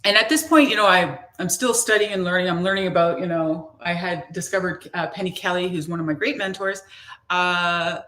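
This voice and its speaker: Woman, spiritual teacher, chatty rambling storyteller, lowish voice, lots of restarts. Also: a little fast, a bit bright. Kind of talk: casual personal storytelling.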